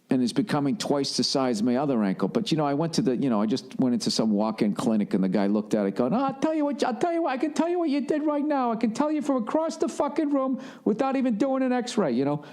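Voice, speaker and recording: A man's voice: mid-range voice, darkish tone. Rambling, foul-mouthed man on a podcast. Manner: rambling, heavy swearing, mock voices for quoted people. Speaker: podcast host and comedian. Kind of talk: casual comedic podcast monologue.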